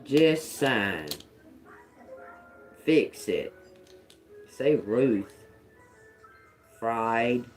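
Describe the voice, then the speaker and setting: A woman's voice: extremely low pitch, animated, drawn-out words, long pauses, faint music behind. A woman giving a live-stream tarot reading, thinking aloud, repeating single words to herself, blunt and profane, often chuckling. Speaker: tarot reader.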